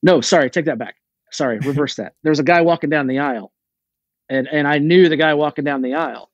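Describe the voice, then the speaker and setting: A man's voice: fairly high pitch, quick pace, no room sound. A middle-aged man, a race director and podcast guest, chatting casually as a storyteller who restarts his sentences often. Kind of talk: casual chat.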